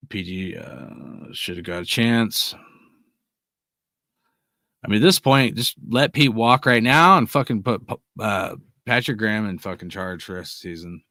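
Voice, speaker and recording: A man's voice: fairly low pitch, lively intonation, moderate pace, dry recording. Heated, profane man ranting, dry close mic. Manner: heated, swears constantly, loud bursts. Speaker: podcast host reading live chat. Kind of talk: profane casual sports rant.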